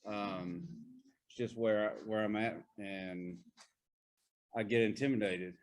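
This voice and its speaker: A man nervously starting his share at a recovery workshop, hesitant and halting, with many fillers. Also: lowish voice, fairly even intonation. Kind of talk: personal share.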